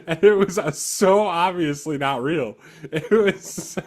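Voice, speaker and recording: A man's voice: fairly high pitch, slow. A man in his thirties co-hosting a movie podcast, chatting casually and laughing often. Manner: laughs often while talking. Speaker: podcast co-host. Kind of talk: casual chat.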